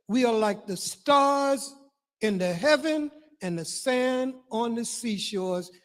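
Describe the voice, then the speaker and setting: An older man giving an impassioned public address, building lists with emphasis and swinging between loud declarations and quiet appeals. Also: high voice. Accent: non-Guyanese. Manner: preacherly, emphatic lists, rising and falling volume. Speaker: community speaker.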